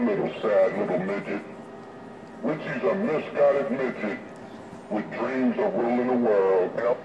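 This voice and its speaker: A man's voice: mid-range voice, animated. A man guest ranting mockingly about someone. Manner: mocking, quick rant. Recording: echoey, muffled line with loud noise.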